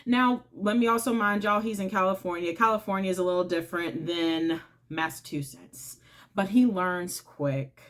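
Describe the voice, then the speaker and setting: A woman's voice: fairly low pitch, normal speed, a bit bright. Chatty woman recapping a movie. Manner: chatty, informal, retells scenes by acting out lines. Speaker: movie reviewer and channel host.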